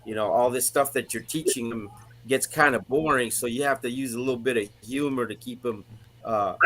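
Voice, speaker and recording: A man with a bright, forceful voice tells good-humored stories over a video call. He fills his speech with hesitant ums and uhs. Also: medium pitch, brisk, slight background noise. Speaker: guest, teacher and retired soldier. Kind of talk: casual video-call chat.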